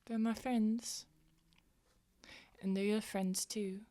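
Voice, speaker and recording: A player voicing a gentle, caring young woman in a tabletop game, speaking softly. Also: mid-range voice, monotone, measured pace, no room sound, pitched above the performer's own voice, lightly acted. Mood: tender.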